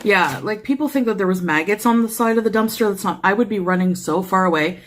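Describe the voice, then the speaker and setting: A woman's voice: mid-range voice, quick pace, a little hiss or hum. A woman vlogger who is out of breath and a bit wheezy, rambling casually through a show-and-tell with many fillers.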